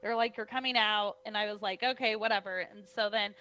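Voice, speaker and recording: A young woman, a wrestler, telling her story in an animated interview, acting out the people in it, heard over a video call. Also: mid-range voice, fairly quick, low-quality recording. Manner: lively, acts out voices in her stories, many "like"s. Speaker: guest, professional wrestler.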